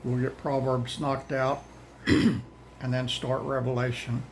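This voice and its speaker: A man's voice: medium pitch, little pitch movement, a little hiss or hum, poor audio. An older man, chatting casually and rambling to viewers about a daily Bible reading plan, a little out of breath. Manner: folksy, plain-spoken, says y'all; rambling, halting, restarts often.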